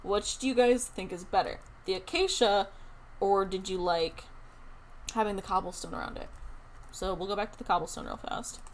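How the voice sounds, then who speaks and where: A young woman streaming a building game, chatting casually and thinking aloud in an excited, talkative way. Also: mid-range voice, moderate pace, slight background noise. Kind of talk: casual live-stream chat while playing a building game.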